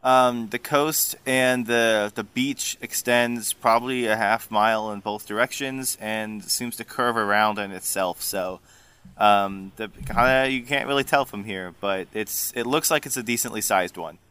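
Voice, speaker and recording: A man narrating a tabletop game as game master, relaxed and full of fillers. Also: fairly low pitch, a little slow, clean tone. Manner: relaxed, filler-heavy, laughs often.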